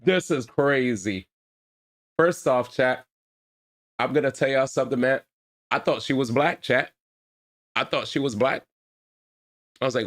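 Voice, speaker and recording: A male streamer giving casual reaction commentary to his chat, excitable and slangy as he talks through clips. His voice sits at an ordinary pitch and comes through dry, with no room echo. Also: measured pace, pauses often.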